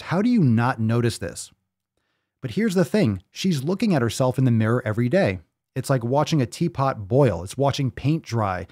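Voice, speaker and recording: A man's voice: medium pitch, very animated, moderate pace, warm tone, no room sound, clean studio sound. Blunt, profane man hosting a fitness stream. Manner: blunt, profane, emphatic, repeats points for effect. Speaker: fitness podcast host. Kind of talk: live-stream commentary reading viewer posts.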